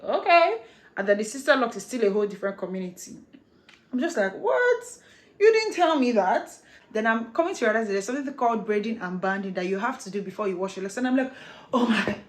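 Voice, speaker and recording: A young adult woman chatting excitedly to camera as a hair vlogger, playful and talkative. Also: mid-range voice. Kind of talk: casual chat to camera.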